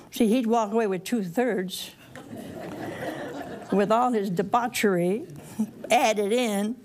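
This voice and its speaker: Slow-talking folksy woman preacher. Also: a little high. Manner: folksy and chatty, laughing at her own asides; acts out characters in the story. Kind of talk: storytelling sermon to a live audience.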